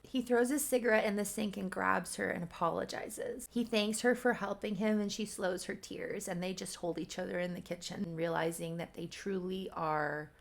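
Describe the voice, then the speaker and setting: A woman's voice: medium pitch, steady tone, normal speed, creaky, few pauses. A woman in her thirties, chatty and laughing at herself while recapping her old soap opera story. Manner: chatty, laughing, self-mocking. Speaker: YouTuber. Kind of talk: casual recap commentary.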